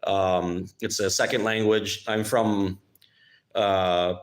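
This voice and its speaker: A man's voice: deep voice, steady tone. A man from Minnesota, hosting his channel in a rambling, sarcastic live-stream chat. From Minnesota, United States. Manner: rambling, halting, with many restarts and sarcastic asides. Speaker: YouTube channel host.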